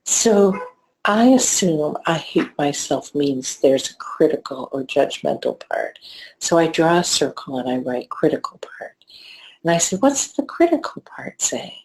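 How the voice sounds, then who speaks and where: A middle-aged woman therapist teaching a trauma course, soft-spoken and often dropping to a whisper as she walks through a case. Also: lowish voice, expressive, slow, low-quality recording. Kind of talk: lecture with case example.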